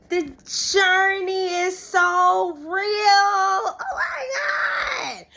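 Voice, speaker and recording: Expressive young woman telling her story. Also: a little high. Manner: expressive, talks straight to viewers as "y'all". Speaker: vlogger. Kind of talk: casual storytime monologue.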